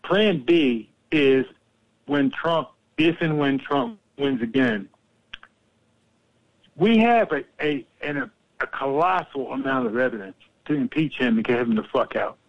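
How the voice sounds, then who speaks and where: A man hosting a heated political talk, animated and profane, telling stories to make his point. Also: medium pitch, a little slow, no echo, highs cut off. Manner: profane, animated, fired-up storyteller.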